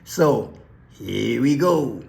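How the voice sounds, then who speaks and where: A man's voice: mid-range voice, lively intonation, drawn-out words, gravelly, darkish tone. A man giving casual, joking commentary, folksy and talking straight to his viewers. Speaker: commentary vlogger.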